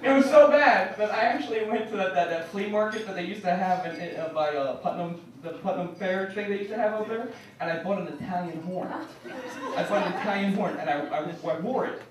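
A man performing a stand-up comedy set in a small bar, telling animated stories and putting on gruff voices for his parents. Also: high voice, brisk, some chatter behind. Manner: animated storytelling, puts on gruff voices for his father and mother. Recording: echoey room from a far camera, loud noise.

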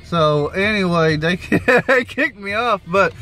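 A man telling a rideshare story in a casual vlog, animated and swearing freely as he acts out the quotes. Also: high-pitched, slow pace, soft background music. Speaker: rideshare driver vlogger.

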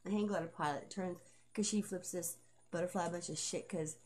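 Middle-aged woman, rambling vlog monologue, salty language, lowish voice. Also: fairly even intonation, a little fast, darkish tone. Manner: rambling, swears freely, laughs often. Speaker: vlogger and aspiring author.

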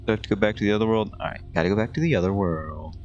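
Gaming channel host, man, sarcastic and casual, low voice, faint music underneath. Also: racing, a little mellow, lo-fi sound. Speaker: let's play gamer. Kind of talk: gameplay commentary.

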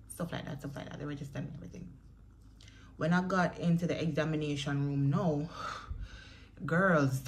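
A woman's voice: low-pitched, a little hiss or hum. A young Jamaican woman in a chatty storytelling vlog who speaks straight to her viewers. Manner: chatty, addresses viewers directly, acts out quoted voices. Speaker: vlogger.

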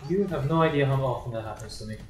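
A man playing a video game with a friend, calm and reassuring, with dry teasing. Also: mid-range voice, racing. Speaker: gamer co-host. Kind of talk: casual let's-play chat. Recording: roomy echo, off-mic, faint noise.

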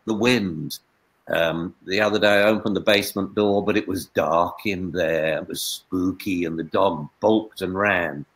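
A man who trains dogs, a guest on an interview show, telling stories with expressive swings from hushed to emphatic. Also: fairly low pitch, poor audio. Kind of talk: animated storytelling in interview.

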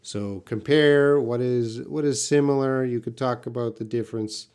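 A man teaching English on a live stream, slowly answering viewers' questions one by one. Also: medium pitch, darkish tone, clean tone. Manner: slow, patient, reads out viewer questions. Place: classroom with a whiteboard.

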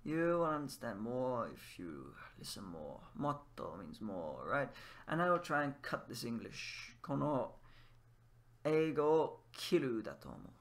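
A man's voice: medium pitch, very animated, unhurried, vocal fry. A man giving casual gameplay commentary while teaching Japanese, trying out phrases and explaining them in English as he plays. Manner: switches between Japanese phrases and English explanations, musing aloud. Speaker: language teacher playing a game.

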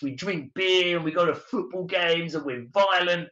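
Speaking at a moderate pace with few pauses, this English tour leader talks about travel in a webinar, chatty and explanatory, with frequent uhs. The recording sounds dull and lo-fi, and his voice is somewhat high and a bit bright.

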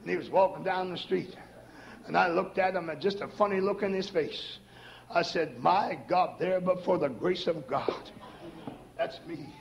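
A middle-aged man preaching a fervent sermon in a church, swinging between shouted lines and low, quiet asides. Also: normal speed, vocal fry. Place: church sanctuary. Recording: echoey 1970s church recording.

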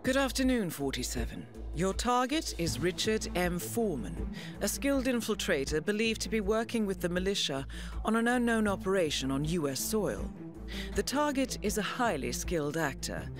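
A cool composed game handler briefing an assassin, voice rises and falls a lot, music right behind. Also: female voice, on the low side. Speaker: mission handler in a video game. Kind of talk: scripted mission briefing.

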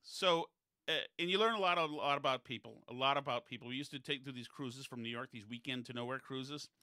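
A man's voice: mid-range voice, brisk, bright, forceful tone, no echo, studio quality. A man in casual podcast chat, telling digressive, chatty anecdotes.

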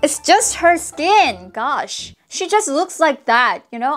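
Korean woman vlogging, slow and kinda high, laughs and scoffs a lot, faint music behind. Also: sing-song, a bit bright. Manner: exclamatory, laughing, mocking commentary. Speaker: YouTuber. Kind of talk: casual vlog reaction.

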